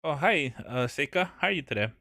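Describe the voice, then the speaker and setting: A man's voice: a little high, expressive, a little fast, over loud music. A man streaming a game, talking casually, joking and swearing in mock outrage. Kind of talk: casual gaming commentary.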